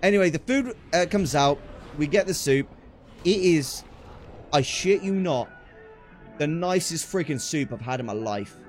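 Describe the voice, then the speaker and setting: A young English man on a livestream, telling a story in an excitable way, swearing casually and acting out the quotes. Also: a little high, unhurried, soft background music. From England. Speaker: streamer.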